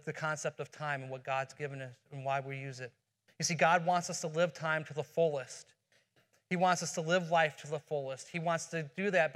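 A man's voice: a little high, a bit bright. A man preaching a sermon as pastor, earnest, asking rhetorical questions and often restarting his phrases. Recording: long hall reverb.

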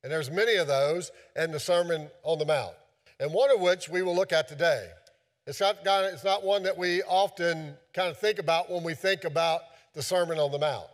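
A man's voice: fairly high pitch, moderate pace, big-room sound. A man preaching a sermon as a pastor, folksy and loose, with many fillers and restarts.

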